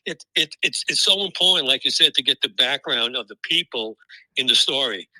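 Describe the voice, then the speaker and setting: Bright-voiced Brooklyn man, laughing. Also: medium pitch, animated, fairly quick, no room sound, low-quality recording. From New York. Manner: laughs often, enthusiastic, repeats words. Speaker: guest. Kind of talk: casual interview chat.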